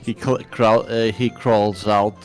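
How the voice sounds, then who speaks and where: A man playing a tabletop game who speaks slowly and hesitantly, breaking off and restarting his words. Faint music plays behind him. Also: lowish voice, flat delivery. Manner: halting, hesitant speech with restarts. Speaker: player. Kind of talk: casual tabletop game play.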